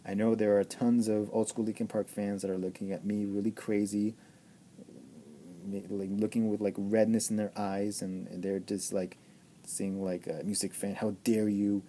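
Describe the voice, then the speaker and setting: Gushing, stammering man with a low, mellow voice. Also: level tone, normal speed, a little hiss or hum. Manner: gushing, repetitive, with many stammered restarts. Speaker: music reviewer. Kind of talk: enthusiastic album review monologue.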